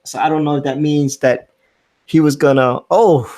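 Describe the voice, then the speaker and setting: Chatty stream host, slightly high voice. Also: male voice, normal speed. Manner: relaxed, chatty, reads out viewer comments. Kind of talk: casual live-stream chat.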